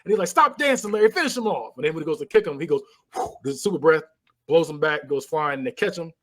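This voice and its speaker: A man's voice: on the high side, fast. A man co-hosting a podcast, animatedly retelling a film scene by scene with sound effects and laughter. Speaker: podcast co-host. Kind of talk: casual movie recap chat.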